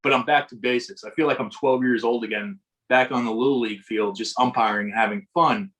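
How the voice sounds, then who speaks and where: A man's voice: mid-range voice, fairly even intonation, a little fast, a bit bright, low-quality recording. Middle-aged man telling reflective stories. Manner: reflective, rambling with restarts. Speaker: podcast guest, baseball umpire. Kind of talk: casual storytelling in interview.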